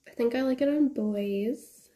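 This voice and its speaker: A woman's voice: fairly high pitch, unhurried, mellow. A woman chatting casually with her viewers while she paints, laughing often and drifting closer and farther from the mic. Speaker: art streamer.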